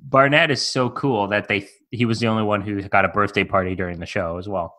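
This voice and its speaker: A young man co-hosting a podcast, chatting casually in a relaxed, hedging way. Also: lowish voice, fairly quick. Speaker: podcast co-host. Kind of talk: casual chat.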